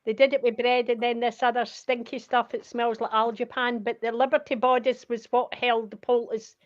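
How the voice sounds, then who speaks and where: A woman's voice: fairly high pitch, little pitch movement. An older Scottish woman, retired career coach, chatting and telling stories as a guest on a video call. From Scotland. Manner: chatty, storytelling, quick to laugh. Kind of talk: casual chat on a video call. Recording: muffled lo-fi video call audio.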